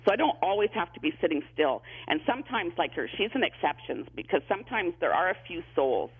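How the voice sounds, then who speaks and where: A psychic medium with a high, sing-song, slightly rough voice talks at a quick clip. It's a phone-in interview on a tinny line, where he chats and tells stories while often repeating himself and restarting sentences.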